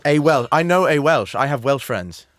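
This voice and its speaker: A man's voice: medium pitch, expressive, normal speed, fairly bright tone. A man co-hosting a casual podcast chat, joking and laughing, often stumbling over restarts. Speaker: podcast co-host.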